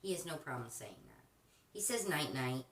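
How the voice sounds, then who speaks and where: A woman's voice: low-pitched, very animated, moderate pace, fairly bright tone. A woman hosting a craft channel, chatting casually and rambling with frequent restarts while she crafts. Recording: roomy, distant mic with faint noise.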